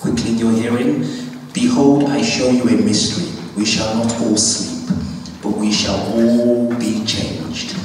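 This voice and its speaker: A man reads scripture slowly and solemnly, raising his voice on the emphatic lines. He sounds far from the microphone in a big church hall. There is a heavy, long echo and a faint hiss. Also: medium pitch. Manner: solemn, measured reading with raised emphatic lines. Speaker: scripture reader at a funeral. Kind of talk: reading scripture aloud.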